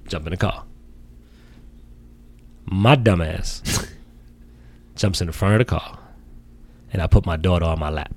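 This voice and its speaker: A middle-aged man from the Bronx, telling a profane, animated story as a podcast guest. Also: low voice, a little slow, long pauses. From the Bronx, New York. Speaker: podcast guest, sneaker collector. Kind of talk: casual storytelling in an interview.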